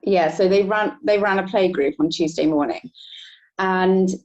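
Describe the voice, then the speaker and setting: A woman guest telling a personal story in a relaxed interview, often laughing lightly between thoughts. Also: medium pitch, unhurried. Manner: reflective, laughs between thoughts, many restarts. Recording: dull lo-fi sound.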